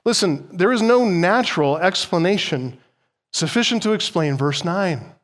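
Guy preaching a sermon, kinda high voice, gets loud and animated to make a point. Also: normal speed. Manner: animated preaching, pitch and volume rising for emphasis. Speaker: pastor.

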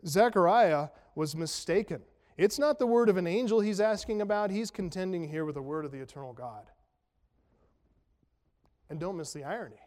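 High-voiced preacher in a reverberant hall. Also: male voice, darkish tone. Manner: conversational, self-deprecating humor, rhetorical questions. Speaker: pastor. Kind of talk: expository sermon. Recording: long reverb of a large hall.

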